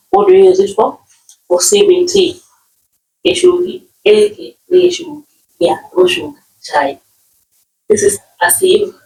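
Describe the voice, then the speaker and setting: A woman's voice: extremely high pitch, gravelly, a little mellow. A woman from Nyeri with a Kenyan accent, teaching household words in a casual lesson, repeating words and often checking with "okay?". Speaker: language teacher. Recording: roomy, distant mic.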